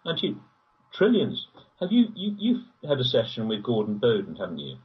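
Very husky man, distant lo-fi. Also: moderate pace. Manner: rambling, animated, pitch jumps when emphatic. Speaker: guest. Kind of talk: conversational interview. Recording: distant, dull lo-fi audio.

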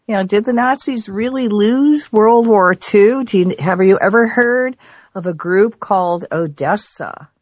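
A woman's voice: mid-range voice, dry recording. Chatty American woman radio host. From United States. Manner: chatty, animated, quick asides. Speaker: radio talk show host. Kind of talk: casual talk radio chat.

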